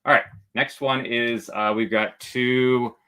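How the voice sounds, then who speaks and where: A man's voice: mid-range voice, level tone, takes it slowly, bright, forceful tone, smooth. A man hosting a casual travel livestream, chatty and joking as he reads viewer comments aloud. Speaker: travel channel host.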